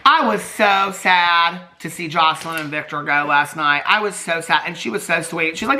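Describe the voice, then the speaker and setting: Sassy, animated man in his fifties. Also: fairly high pitch, moderate pace, hardly any pauses. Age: 50s. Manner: animated and sassy, swears freely, acts out quoted people. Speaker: TV reaction vlogger. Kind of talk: casual reality TV commentary.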